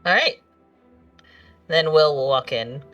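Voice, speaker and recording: A woman's voice: sits low, animated, slow pace, fairly bright tone, distant mic, faint music behind. A woman running a tabletop game as game master, narrating scenes with a lot of laughter and filler words.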